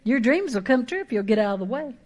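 A woman pastor, preaching a sermon in a folksy, emphatic way with quick asides and rising exhortations. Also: on the high side, animated, darkish tone.

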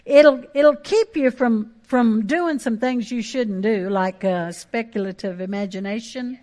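High-voiced woman preaching. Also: a little slow, a little mellow. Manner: emphatic preaching with repeated phrases. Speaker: pastor. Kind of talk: sermon.

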